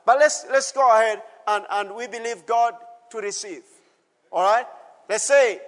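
A man's voice: sits high, a little slow, a bit bright. A male pastor preaching a sermon with call-and-response, exhorting the congregation and repeating his phrases in a church service. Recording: long reverb of a church hall.

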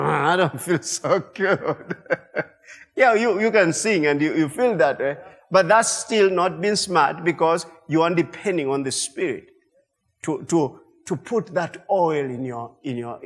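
A male pastor preaching a sermon, animated, swinging between loud cries and low asides, mimicking prayers and tongues aloud. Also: big-room sound.

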